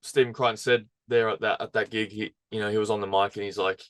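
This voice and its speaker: A man's voice: lowish voice, fairly even intonation, a bit bright. Guy on a podcast, easygoing, laughs a lot while telling stories. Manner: laid-back, quick to laugh, tells stories. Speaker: podcast co-host. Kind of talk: casual chat.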